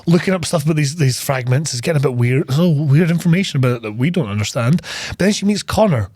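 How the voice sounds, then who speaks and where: A man talks through a film in a loose, rambling podcast chat, swearing freely and breaking into laughter. His voice sits a little high for a man. The recording is dry and close, with no room sound. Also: lively intonation, fast talker, a little mellow, no room sound. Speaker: podcast co-host. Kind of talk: casual film-discussion podcast.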